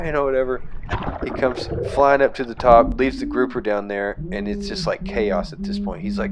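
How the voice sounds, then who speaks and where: A young man casually narrating his own fishing trip footage as a voice-over, telling the story with fillers and restarts and growing excited at the tense moments. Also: mid-range voice, moderate pace, crowd noise.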